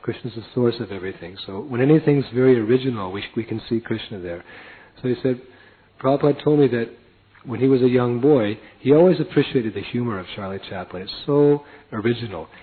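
An older man telling a personal story, animated and often laughing as he acts out voices and chanting. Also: medium pitch, fairly quick, breathy edge. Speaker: devotee recounting a personal story. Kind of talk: anecdotal storytelling talk. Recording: tinny phone-like lo-fi audio.

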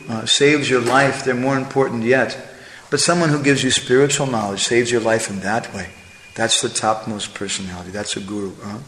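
A man's voice: a bit bright, a little hiss or hum. Man lecturing in an echoey hall. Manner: explanatory, frequent rhetorical "right?" and "huh?"; chants verses in a higher, singing voice. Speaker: spiritual teacher. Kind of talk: devotional lecture with Sanskrit and Bengali verses. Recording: echoey hall with faint ambience.

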